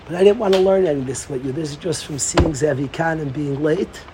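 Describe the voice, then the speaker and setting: A middle-aged man giving an informal Torah talk to a group, excitable and repetitive, often restarting his sentences. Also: on the high side, brisk, background noise. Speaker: Torah teacher.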